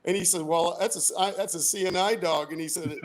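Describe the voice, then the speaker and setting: A man's voice: high-pitched, fairly even intonation, a little fast, crowd noise. An older man from the United States, a guest telling rambling stories and laughing at his own jokes. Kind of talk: casual storytelling.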